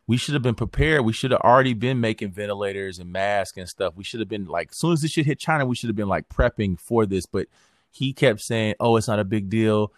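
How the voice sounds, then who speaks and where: A man hosting a podcast, talking politics in a casual, animated way, full of slang and swearing and quick impressions of other people. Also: fairly low pitch, no echo, clean studio sound. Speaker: podcast host.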